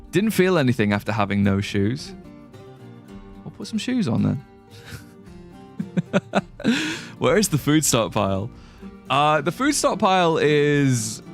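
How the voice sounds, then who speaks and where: Male streamer, animated pitch, chatty with chat, faint music under him. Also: vocal fry. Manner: chatty, reacts to and greets chat. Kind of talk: casual live-stream chat.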